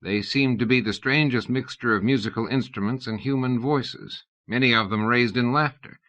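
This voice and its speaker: A man reading a comic fantasy novel aloud as an audiobook narrator, in measured, even storytelling. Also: mid-range voice. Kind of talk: scripted narration. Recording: dull lo-fi audiobook recording.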